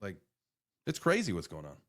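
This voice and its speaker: A man's voice: low-pitched, moderate pace. A man hosting a casual live crypto reaction stream, rambling and swearing as he reacts to clips. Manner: rambling, profane, animated.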